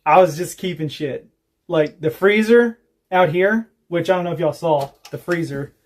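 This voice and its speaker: A man's voice: fairly high pitch, moderate pace. A man, telling rambling, profane stories while chatting on a casual homestead livestream. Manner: rambling, profane storytelling with laughs. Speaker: homestead vlogger.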